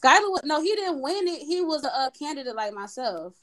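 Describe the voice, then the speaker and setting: Brief: a woman playing a self-pitying performer, high and rapid. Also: very animated, fairly bright tone. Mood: aggrieved. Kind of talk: comedy sketch.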